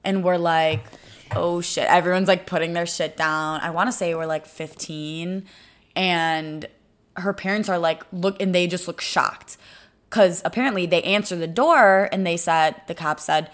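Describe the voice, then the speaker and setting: A young woman co-hosting a laid-back chat. Her voice sits a little low, and her storytelling wanders, full of fillers. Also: normal speed. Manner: relaxed, rambling, filler-heavy. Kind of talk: casual chat.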